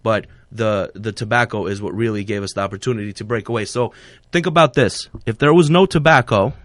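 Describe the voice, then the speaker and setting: A man's voice: on the low side, fairly quick, a bit bright, no echo. A man hosting a radio show, chatting casually and rambling with lots of fillers and restarts. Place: radio studio. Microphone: studio microphone.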